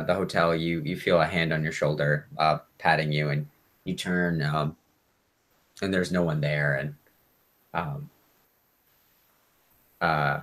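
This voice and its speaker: A man's voice: rumbling low, a bit bright. A man running a tabletop game as game master, joking and laughing often.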